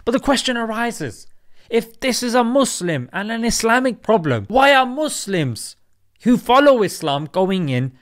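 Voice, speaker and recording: A man's voice: very high voice, sing-song, a little slow, fairly bright tone. A man hosting an opinion commentary, talking emphatically and firing off rhetorical questions. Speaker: host.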